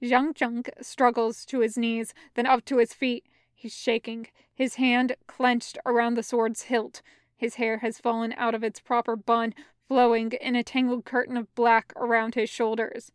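A woman reading fan fiction aloud as a podfic, in a steady, even narration. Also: a little high, a little slow, clear, resonant tone, no room sound, clean studio sound. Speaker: podfic reader.

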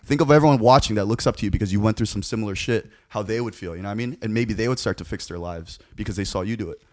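A man's voice: lowish voice, racing. A man hosting a podcast, chatting loosely with filler phrases like "dude" and "you know what I mean". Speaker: podcast host. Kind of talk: casual chat.

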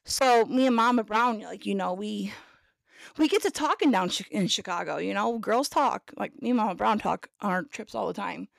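A woman hosting a podcast, telling a story in a casual, animated way, acting out voices and laughing often. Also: medium pitch, normal speed, vocal fry, no echo. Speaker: podcast host.

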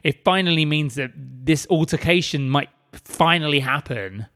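A man co-hosting a casual book club podcast, chatty and quick to laugh. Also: fairly high pitch, fairly bright tone. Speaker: podcast co-host.

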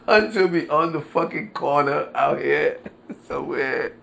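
A man's voice: fairly high pitch, vocal fry. A man hosting his own podcast, ranting in casual commentary, full of street slang, swearing and frequent laughter. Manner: animated, laughs often, swears freely; New York street slang. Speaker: podcast host.

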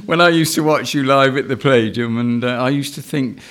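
An older man leads a relaxed conversation and keeps laughing as he goes. He brings up old shows and shared memories to draw out stories. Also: medium pitch, a little fast. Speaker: interviewer. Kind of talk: casual chat.

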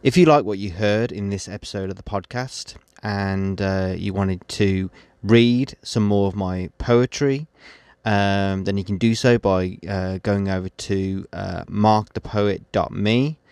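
A man hosting a podcast, reading his poems in a measured way and speaking his closing words with many hesitations. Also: fairly low pitch, a little mellow, clear, resonant tone, no room sound. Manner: measured recitation, then halting unscripted outro with many fillers. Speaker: poet and podcast host. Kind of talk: poetry reading.

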